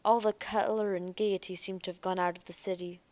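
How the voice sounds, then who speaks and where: Soft-spoken woman reading a novel. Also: lowish voice, level tone, a little fast, no room sound. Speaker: audiobook narrator. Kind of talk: audiobook narration.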